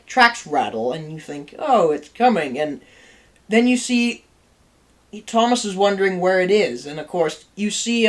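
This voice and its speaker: Rambling casual video reviewer. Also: medium pitch. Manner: rambling, full of ums and likes; laughs easily, amused. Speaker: channel host reviewing a video.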